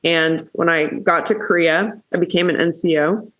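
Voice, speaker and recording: A woman hosting a podcast in casual chat, candid and quick to swear as she gets heated. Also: lowish voice, a bit bright. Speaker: podcast host.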